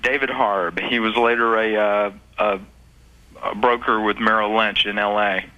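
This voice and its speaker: Hesitant male caller with a bright voice. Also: fairly low pitch, steady tone, a little slow, dull audio. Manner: hesitant, full of fillers. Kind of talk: call-in conversation.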